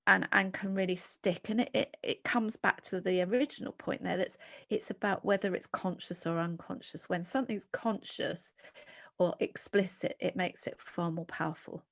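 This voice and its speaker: A middle-aged British woman being interviewed as a psychologist, talking earnestly and animatedly with quick restarts. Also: lowish voice, fairly even intonation, creaky. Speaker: guest psychologist. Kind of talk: podcast interview.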